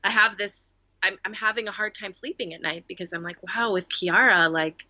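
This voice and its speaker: A middle-aged woman in casual podcast chat, telling animated stories about her kids and acting out their voices. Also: medium pitch, moderate pace, no echo, lo-fi sound. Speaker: podcast guest.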